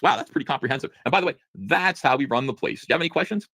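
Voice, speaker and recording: A man's voice: mid-range voice, expressive, rapid-fire, fairly bright tone, no room sound, studio quality. A man co-hosting a casual comic review chat, sarcastic and mocking. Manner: sarcastic, mocking, reads comic lines in put-on voices. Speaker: podcast co-host.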